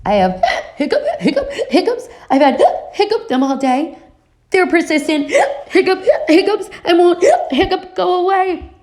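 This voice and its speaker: A woman's voice: very high voice, a little mellow, pitched above the performer's own voice, exaggerated voice. A woman voicing a flustered child whose words keep breaking on hiccups and giggles.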